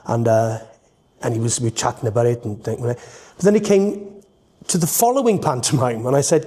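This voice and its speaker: A middle-aged Welsh man and entertainer, telling rambling, animated stories in a podcast conversation, full of restarts. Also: medium pitch, fairly quick. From Wales.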